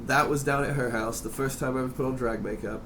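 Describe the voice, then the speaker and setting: A man's voice: mid-range voice, fairly even intonation, fast, background noise. A man hosting a podcast as a drag performer, casual and chatty, swearing freely and calling people darling. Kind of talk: casual interview chat.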